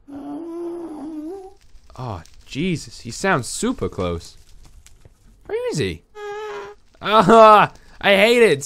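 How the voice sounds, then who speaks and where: A young man giving casual, excitable let's-play commentary while playing, talking back to the game's creatures. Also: mid-range voice. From England. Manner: excitable, jumpy, talks to game creatures. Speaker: gaming YouTuber.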